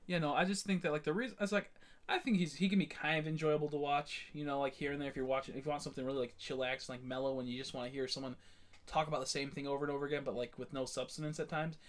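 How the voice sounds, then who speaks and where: A man's voice: fairly high pitch, steady tone, very fast. A young man streaming a game, chatting casually to viewers in a rambling, blunt way, full of fillers and restarts. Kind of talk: casual live-stream chat.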